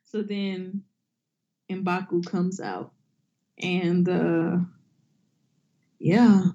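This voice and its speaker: A woman with a fairly low voice co-hosts a casual comedy podcast, drawing out her words and swearing freely. She's animated, acting out quotes in big, exaggerated voices, and the sound is lo-fi.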